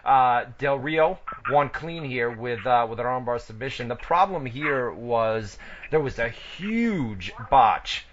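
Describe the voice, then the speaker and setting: A man's voice: mid-range voice, expressive, slow pace, noisy background. A man hosting a wrestling radio show, rambling and cursing in casual banter full of laughs. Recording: dull lo-fi radio recording.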